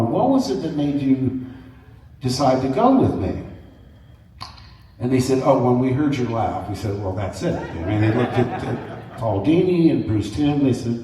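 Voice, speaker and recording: A man speaking as a guest on a convention panel, telling stories in an animated way, acting out voices and laughing often. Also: medium pitch. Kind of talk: anecdotal storytelling to an audience. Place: large convention hall. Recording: echoey hall from far off.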